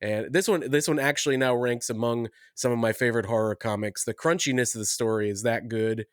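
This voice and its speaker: A man's voice: mid-range voice, steady tone, brisk, dry recording, clean studio sound. A man on a casual comics podcast, enthusiastically recommending a book. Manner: enthusiastic, laughing. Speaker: podcast guest.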